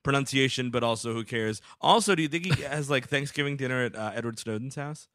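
A sardonic man co-hosting a comedy podcast, riffing with joking asides. His tone is bright and edgy. The recording is dry and close. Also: medium pitch, fast talker, no echo. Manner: sardonic, mock-quoting people in bits. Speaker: podcast co-host. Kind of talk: casual comedic chat.

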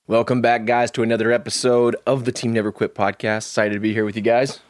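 A man's voice: medium pitch, little pitch movement, quick pace, no room sound. Upbeat male co-host, dry sound. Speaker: podcast co-host. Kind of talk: casual podcast chat.

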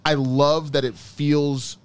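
A man co-hosting a casual film podcast in an easygoing way, often putting on loud comic voices. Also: on the high side, flat delivery, slow, smooth. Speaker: podcast co-host. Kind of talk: casual movie chat.

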